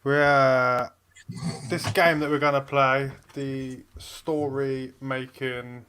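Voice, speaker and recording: Slow, bright-voiced male co-host. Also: medium pitch, little pitch movement, a little hiss or hum. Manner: slow, hesitant, teasing. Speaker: podcast co-host. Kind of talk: casual chat.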